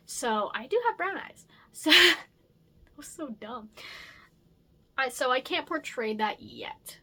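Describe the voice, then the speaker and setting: Chatty young woman with a bright voice. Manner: rambling, chatty, many fillers and self-corrections; lively and animated, jumps up in pitch and loudness. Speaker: creator presenting her original characters. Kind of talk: casual chat.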